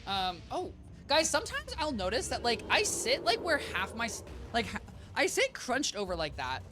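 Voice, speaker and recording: A woman's voice: fairly high pitch, wildly swooping pitch, moderate pace, music in the background. A young woman streaming a game from her apartment, rambling playfully and talking straight to her chat. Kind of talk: casual gameplay chatter. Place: home apartment.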